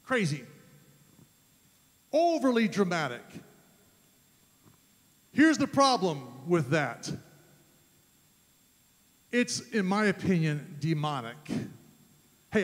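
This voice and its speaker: A man preaching a sermon as pastor, emphatic, rising to loud fervent peaks. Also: high-pitched, big pitch swings, takes it slowly, long pauses. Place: church sanctuary. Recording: long church reverb.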